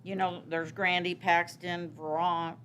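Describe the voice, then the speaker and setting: Woman, lowish voice, rambling answers, council meeting, faint room noise. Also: level tone, measured pace, a bit bright. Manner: rambling, many fillers and restarts. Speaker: city transit manager.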